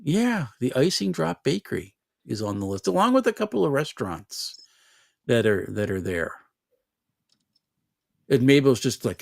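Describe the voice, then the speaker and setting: A man narrating a tabletop game as game master, relaxed and rambling with many fillers. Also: medium pitch, normal speed, gravelly, pauses often, no room sound, clean studio sound.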